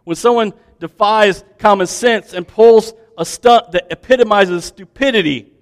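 High-voiced pastor in a reverberant hall. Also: male voice, a little slow. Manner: conversational, animated, with frequent restarts and asides to the congregation. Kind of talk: sermon. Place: church.

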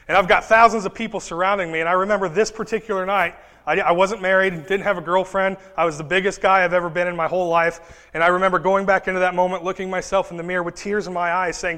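High-voiced young preacher in a reverberant hall. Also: male voice. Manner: personal storytelling, swinging from hushed to loud. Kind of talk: sermon.

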